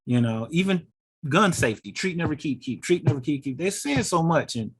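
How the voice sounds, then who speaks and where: A middle-aged man, a guest on an interview show, telling a personal story in an animated and emotional way. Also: a little high, fairly quick, husky. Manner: animated, acts out quoted voices, gets emotional.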